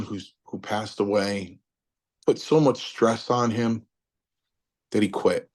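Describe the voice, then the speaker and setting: A man in his fifties telling wrestling stories in a casual interview, acting out quotes with big jumps in his voice. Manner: animated storyteller, acts out quotes with big pitch jumps. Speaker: interview guest, former wrestler.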